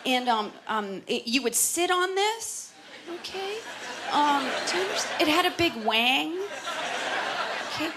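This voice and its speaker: A woman's voice: sits high, lively intonation, measured pace, over a noisy crowd. Woman doing stand-up in a noisy club. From Canada. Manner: chatty, self-deprecating, voices for characters. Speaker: stand-up comedian. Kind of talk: stand-up comedy set. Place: comedy club stage with audience laughter. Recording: noisy live club recording.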